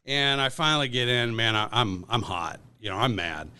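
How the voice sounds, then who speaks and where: A man's voice: mid-range voice, animated, moderate pace, bright, forceful tone, clear, resonant tone. A man who is a guest on a podcast, telling workplace stories in a rambling, casual way with lots of fillers. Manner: rambling anecdotal storytelling with many fillers. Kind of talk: casual storytelling.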